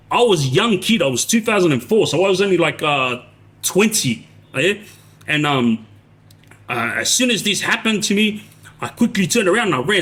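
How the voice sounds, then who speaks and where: Rambling man, slightly high voice. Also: a bit bright. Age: 40s. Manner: rambling, restarts, frequent tag "yeah?". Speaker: live streamer recounting prison life. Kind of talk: casual live-stream storytelling.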